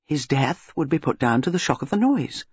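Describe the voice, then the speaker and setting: Man doing a quiet shrewd elderly lady detective, mild, measured, husky, dull lo-fi audio. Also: a little high, sing-song, no room sound, heavily acted. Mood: quietly explaining. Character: shrewd elderly spinster sleuth, gentle and quiet. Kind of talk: audiobook character voice.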